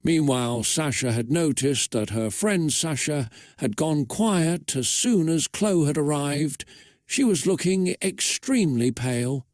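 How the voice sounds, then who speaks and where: Slow, dry-voiced man reading a story. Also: fairly high pitch, lively intonation, a little mellow, no room sound. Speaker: narrator. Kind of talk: reading a fan story aloud.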